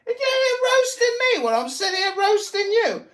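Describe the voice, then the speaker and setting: A man in his forties hosting a livestream, taunting and mocking an opponent with loud, profane outbursts in a heated argument. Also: very high-pitched, sing-song, fairly quick. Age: 40s. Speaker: livestream host.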